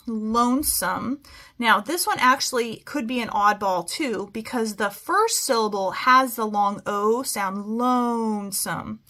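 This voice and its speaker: A woman's voice: fairly high pitch, pushed and bright. A woman teaching a phonics lesson to children, stretching out words as she models them. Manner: slow, stretched-out word modeling.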